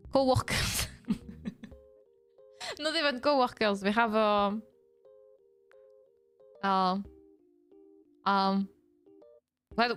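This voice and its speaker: A French vtuber streamer with a French accent chats casually during a live Q&A in a slightly high, fairly bright voice. She reads chat aloud, laughs often and teases playfully.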